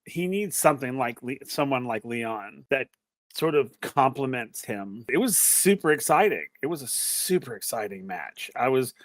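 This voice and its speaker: A man's voice: medium pitch, expressive, normal speed, no echo, clean studio sound. A man co-hosting a casual wrestling review podcast, enthusiastic and agreeable, often restarting his sentences. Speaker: podcast co-host.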